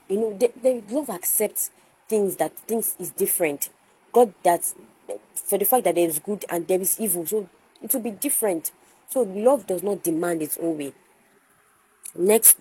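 Soft-toned woman asking earnest questions. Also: mid-range voice, breathy edge, poor audio. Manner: earnest, repetitive rhetorical questions. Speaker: podcast host. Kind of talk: faith-based podcast talk.

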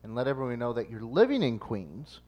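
Brief: man in his forties, talk host, animated storyteller, mid-range voice. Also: brisk, dull audio. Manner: animated storyteller, jumps high for quoted shouts. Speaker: podcast host. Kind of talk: casual chat.

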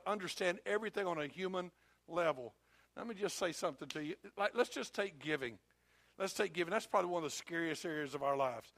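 A man's voice: a little high, a bit bright, no room sound. A male pastor preaching a sermon, emphatic and repetitive, who speaks directly to his congregation.

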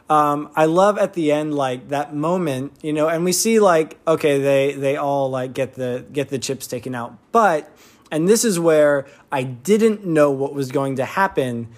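A man reviewing a TV episode in casual talk, rambling with lots of fillers and restarts, sounding like an enthusiastic fan. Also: fairly high pitch.

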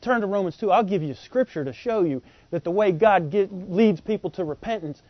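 A man preaching a sermon, folksy and animated, often acting out voices in the quotes he tells. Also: sits high, brisk, no echo. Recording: dull lo-fi podcast audio.

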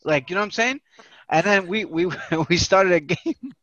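A man's voice: sits high, animated, moderate pace, fairly bright tone, dry recording, lo-fi sound. A man co-hosting a casual podcast chat, telling rambling stories with lots of slang and laughter. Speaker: podcast co-host.

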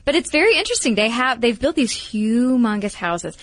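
A woman's voice: fairly high pitch, very animated, a little fast, no room sound. A woman co-hosting a podcast, chatting and telling anecdotes with frequent restarts. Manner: chatty, storytelling, hesitant restarts. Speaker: podcast co-host. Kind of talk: casual conversational podcast.

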